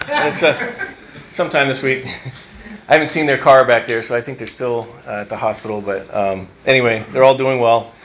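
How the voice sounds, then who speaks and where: A man's voice: mid-range voice, moderate pace, a bit bright. A man preaching a sermon in a church, in a conversational, reflective way that thinks aloud with fillers and restarts. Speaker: pastor.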